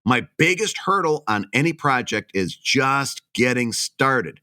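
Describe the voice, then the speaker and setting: Bright, jokey man co-hosting a podcast. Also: mid-range voice, big pitch swings, unhurried. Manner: laughs a lot, jokey. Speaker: podcast co-host. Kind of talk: casual chat.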